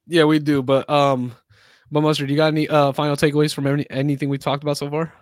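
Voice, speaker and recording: Man, podcast host, casual rambling delivery, a bit high-pitched, dry close mic. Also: little pitch movement, quick pace, dry recording. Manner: loose, rambling, profane, lots of fillers. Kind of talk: casual sports and wrestling chat.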